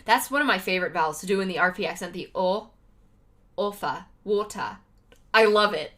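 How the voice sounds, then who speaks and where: A woman's voice: mid-range voice, quick pace, sharp tone. A woman livestreaming, chatting casually to her viewers with lots of fillers and laughs. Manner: laughs often between remarks.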